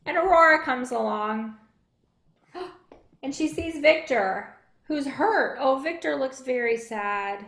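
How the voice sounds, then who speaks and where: A woman's voice: high-pitched, expressive, takes it slowly, fairly bright tone. A woman pastor giving a children's message, asking the children friendly questions. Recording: echoey room.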